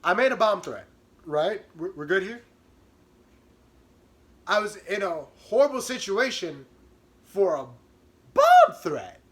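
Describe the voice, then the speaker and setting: A young man telling a comic storytime about himself in an animated, self-mocking way. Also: sits high, measured pace, long pauses. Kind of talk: comedic storytime.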